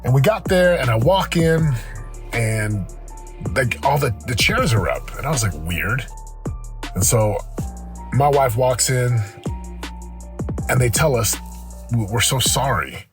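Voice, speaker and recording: A man's voice: mid-range voice, expressive, unhurried, pauses often, music in the background. A man hosting a motivational podcast, telling a personal story in an earnest, rambling way with many restarts. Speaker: podcast host.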